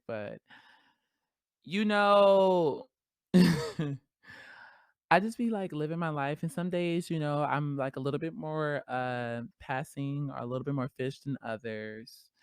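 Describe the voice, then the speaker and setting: Animated slangy woman podcaster, dry sound. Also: low-pitched, unhurried, clean tone, dry recording. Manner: animated, slangy, laughs often. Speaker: podcast host. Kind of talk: casual solo podcast chat.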